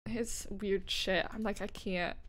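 A woman's voice: mid-range voice, fairly even intonation, slow pace, fairly bright tone. A young woman streamer chatting casually while playing a game, rambling and swearing as she goes. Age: young adult. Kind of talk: casual chat while gaming.

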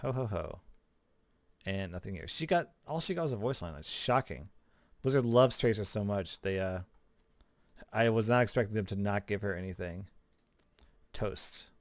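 A man giving casual, chatty commentary as a gaming video creator, relaxed, with small laughs. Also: on the low side, normal speed, pauses often, dry recording. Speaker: gaming YouTuber. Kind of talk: casual commentary over gameplay.

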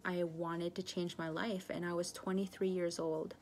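A woman of about 30 from northern British Columbia, Canada, giving an earnest personal testimony, halting and full of pauses and fillers. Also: on the low side, flat delivery, a little hiss or hum. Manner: earnest, confessional storytelling.

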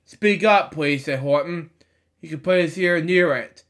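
A man's voice: a little high, steady tone, normal speed, fairly bright tone. A man reading a children's picture book aloud, stumbling over words and breaking off for chatty side comments. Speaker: storybook reader.

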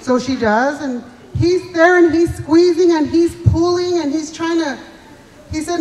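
A woman's voice: sits high, normal speed, darkish tone. A woman telling folksy, teasing stories as emcee and stand-up comedian at a live show. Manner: folksy, chatty, teasing the audience. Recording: live show in a reverberant hall with audience.

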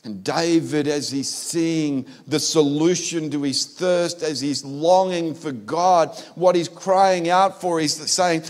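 An Australian man preaching in church, his voice pitched a little high for a man. He moves between fervent, rising declarations and quiet confessional asides, speaking as a pastor to his congregation. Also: slow pace, few pauses. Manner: passionate, swings between intense preaching and hushed confession. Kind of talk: sermon.

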